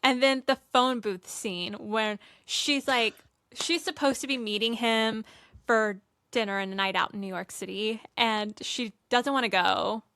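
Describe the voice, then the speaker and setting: Bright-voiced young woman podcast cohost. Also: fairly high pitch, unhurried, dry recording, studio quality. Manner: animated, acts out movie scenes in quoted voices. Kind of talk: casual chat.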